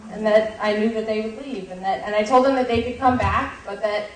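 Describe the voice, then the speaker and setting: A woman's voice: medium pitch, steady tone, a little fast. Young woman, chatty, far off in a hall. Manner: chatty, laughing, many "like" fillers. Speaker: guest on stage. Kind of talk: casual storytelling. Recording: distant mic in echoey hall with audience.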